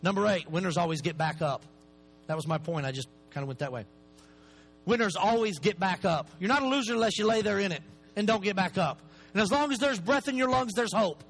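A man, preaching fast and animated, joking at his own expense. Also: sits high, rough recording. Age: 40s. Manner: fast-talking, self-deprecating, animated preaching. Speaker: recovery ministry speaker. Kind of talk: sermon.

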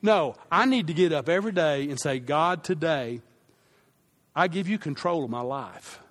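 A man's voice: a little high, animated, moderate pace, fairly bright tone. A male pastor preaching a sermon, repeating key lines for emphasis and leading the congregation to say phrases back with him.

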